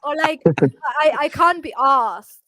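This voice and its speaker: High-voiced woman, playful casual chatter. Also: lively intonation, slow pace, pushed and bright, no room sound. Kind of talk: casual livestream chat.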